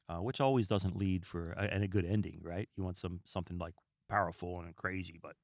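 A man hosting a podcast, talking in a calm, relaxed, rambling way and often stumbling over his words, recorded in a small room lined with books. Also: fairly low pitch, no echo, studio quality. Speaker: podcast host. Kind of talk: casual podcast monologue.

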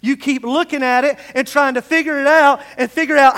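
A male pastor preaching a sermon, swinging between hushed passages and raised, emphatic calls. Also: extremely high pitch, fairly even intonation, brisk, few pauses. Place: church sanctuary. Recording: long hall reverb in a church.

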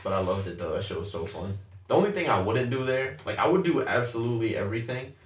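A young man talks casually and curses freely, spinning an animated, slangy story with his friends. His voice sits mid-range. It comes through a roomy space, a little off the mic. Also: mid-range voice, fast. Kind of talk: casual chat. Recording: roomy echo, a bit far from the mic.

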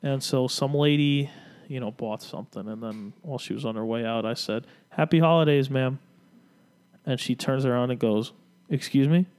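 A man's voice: mid-range voice, fairly even intonation, brisk, a little mellow, smooth. A man co-hosting a casual podcast, telling a work story and acting out the lines of the people in it. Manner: storytelling, acts out dialogue. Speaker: podcast co-host. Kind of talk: casual chat.

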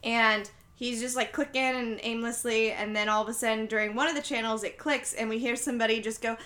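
Bright-voiced chatty woman. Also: fairly high pitch, steady tone, brisk. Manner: chatty, many "like" fillers. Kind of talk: casual recap of a film.

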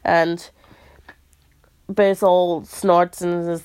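A woman with a somewhat low voice chats casually, retelling a story she's reading. She talks in a relaxed, easygoing way, full of asides. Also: measured pace. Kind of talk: casual chat, reading a book aloud.

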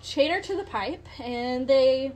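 Woman podcast host, slightly high voice, loose and chatty true-crime storytelling with casual swearing. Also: animated, slow, a little mellow, dull audio, slight background noise.

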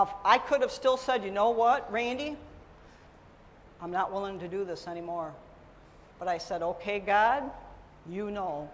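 A middle-aged woman preaching a sermon, telling her own story with emphatic swings between loud and soft. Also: a little high, long reverb tail.

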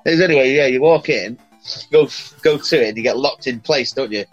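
A man co-hosting a casual podcast, easygoing and halting, often repeating words. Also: mid-range voice, highs cut off, faint music behind. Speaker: podcast co-host. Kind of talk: casual chat.

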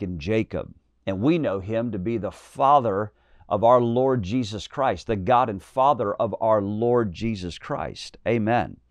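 A man's voice: medium pitch, no echo, studio quality. A man preaching a fiery, emphatic sermon, with bold declarations and mocking asides.

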